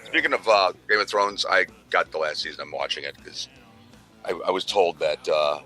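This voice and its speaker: Low-voiced male co-host, bright tone, rambling and profane, light music underneath. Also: moderate pace. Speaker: podcast co-host. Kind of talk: casual chat.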